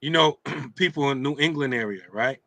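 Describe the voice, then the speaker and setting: A man hosting a casual talk show, telling teasing stories in an animated way. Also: medium pitch, moderate pace, no echo. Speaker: show host.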